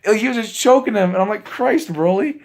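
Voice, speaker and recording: A man casually recapping a movie for his channel, rambling with lots of fillers and breaking into laughs as he gets excited. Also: high-pitched, rapid-fire. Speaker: movie reviewer.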